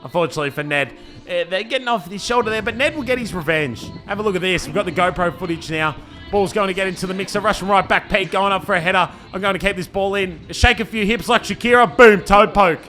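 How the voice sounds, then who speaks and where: Excitable Australian man commentating football. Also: sits high, fast, faint music behind. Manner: laid-back banter, says "man" a lot, excitable on attacks. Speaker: club owner commentating his team's match video. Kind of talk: casual play-by-play commentary.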